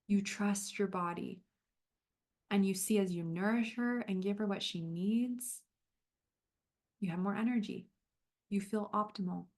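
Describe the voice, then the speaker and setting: A woman health coach talking warmly to her viewers on a livestream, moving from a program pitch into a guided visualization. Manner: upbeat and encouraging.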